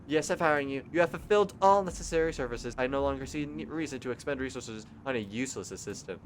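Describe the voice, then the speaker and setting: A man voicing a cold, domineering young woman who claims to know everything, speaking low and clipped. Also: fast, slight background noise, close to an everyday voice.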